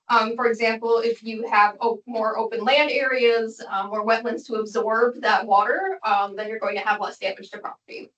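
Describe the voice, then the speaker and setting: A woman's voice: fairly high pitch, fairly bright tone. A woman presenting a policy plan at a public meeting, explaining in a careful way with frequent ums. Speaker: planning staff presenter. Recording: echoey room from far off, muffled.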